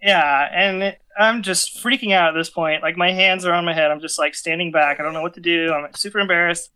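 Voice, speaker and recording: A man's voice: a little high, fairly even intonation, fairly quick, pushed and bright, clear, resonant tone. A man in casual chat, telling a story animatedly with many fillers and restarts.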